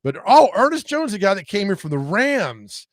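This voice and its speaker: A man's voice: high voice, sing-song, no room sound. Joking sports radio man, dry studio. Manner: joking, slips into quick mocking impressions. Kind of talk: casual sports radio banter.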